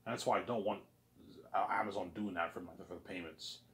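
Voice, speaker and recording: A man's voice: deep voice, fairly even intonation, quick pace, fairly bright tone. A man in a casual monologue who rambles and uses lots of "like" and "man" and some swearing. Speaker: channel host.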